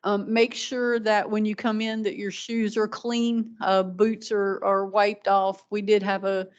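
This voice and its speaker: A woman's voice: mid-range voice, flat delivery, unhurried. A woman running a public meeting who makes practical announcements with frequent ums and restarts. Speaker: meeting organizer. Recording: dull lo-fi meeting recording.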